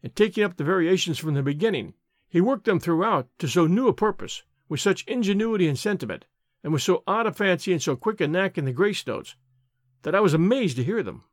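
A man hosting a weekly show, reading a classic novel aloud in measured storytelling narration. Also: high voice, expressive, no echo, clean studio sound. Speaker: audiobook reader and show host.

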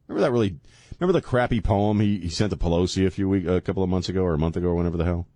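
A man's voice: low voice, big pitch swings, rapid-fire, creaky, mellow, no echo. A man hosting a talk radio show from a studio, joking and sarcastic in a rambling, casual way. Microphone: studio microphone.

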